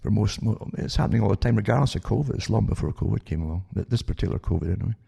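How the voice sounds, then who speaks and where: A man's voice: lowish voice, animated, rapid-fire, creaky, warm tone, husky. An older man hosting a talk radio show, rambling with many restarts and sarcastic asides that end in "eh?".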